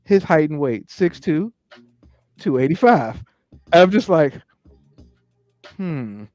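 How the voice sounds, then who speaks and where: A man in his thirties chatting casually as a podcast co-host, telling stories with lively acted-out asides. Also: on the high side, a little slow, no room sound, soft background music. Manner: animated storyteller acting out his own inner voice. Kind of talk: casual chat.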